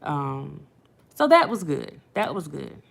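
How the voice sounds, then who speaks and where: A woman's voice: low voice, big pitch swings, slow, creaky. A woman, hosting casual late-night commentary, chatty and laughing often while she retells things. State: has a headache. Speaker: channel host.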